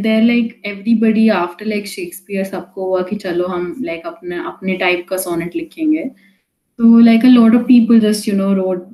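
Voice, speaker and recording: A woman's voice: fairly low pitch, darkish tone. A young woman with an Indian accent tutoring a student in a casual, chatty way, slipping Hindi into her English and full of fillers and restarts. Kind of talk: online poetry lesson. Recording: echoey room.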